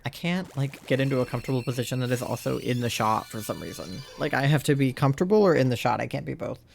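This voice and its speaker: A man's voice: mid-range voice, animated, quick pace, vocal fry, soft background music. A man giving rambling, playful, casual commentary while live-streaming a video game from a home setup, sounding a little sleepy. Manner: rambling, chatty, playful, with laughs and squeals. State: sleepy, yawning.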